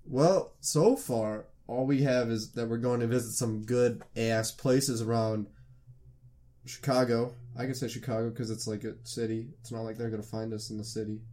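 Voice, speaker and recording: A man's voice: medium pitch, fairly even intonation, normal speed, mellow. A young man co-hosting a casual podcast, laid-back and teasing, laughing often. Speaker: podcast co-host. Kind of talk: casual chat.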